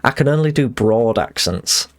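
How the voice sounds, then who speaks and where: A man's voice: mid-range voice, animated, moderate pace, gravelly. Rambling man streaming a game. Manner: rambling, self-mocking, many restarts. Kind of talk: live game-stream commentary.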